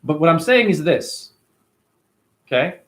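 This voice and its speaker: A man's voice: on the high side, expressive, measured pace, a bit bright. A man hosting a casual livestream, talking animatedly and profanely and answering viewers by name. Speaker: livestream host reading chat.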